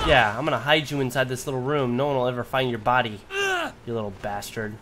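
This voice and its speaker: A man's voice: mid-range voice, fairly even intonation, fast talker. A man hosting a let's play, giving joking, sarcastic commentary while swearing casually. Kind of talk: gameplay commentary. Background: game music.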